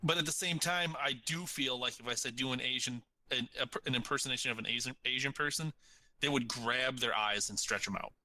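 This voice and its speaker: Bright, rambling guy. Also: mid-range voice, fairly quick. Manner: rambling, tangled and second-guessing. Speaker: podcast co-host. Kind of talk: casual comedic chat.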